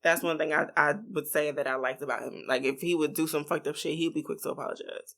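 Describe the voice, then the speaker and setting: A woman's voice: sits low, fairly even intonation, fast, fairly bright tone. A woman co-hosting a podcast in candid casual chat, acting out past arguments as quoted dialogue. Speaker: podcast co-host.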